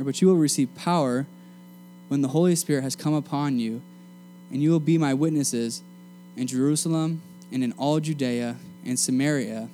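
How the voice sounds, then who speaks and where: A young man preaching a sermon to a room of students in a casual, energetic, slangy way. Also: a little high. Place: meeting room.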